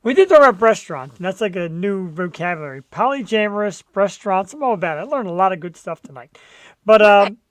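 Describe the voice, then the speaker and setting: A man hosting a casual talk show, joking and chatting in a loud, laid-back way. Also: sits high, animated, fast, no echo. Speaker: host.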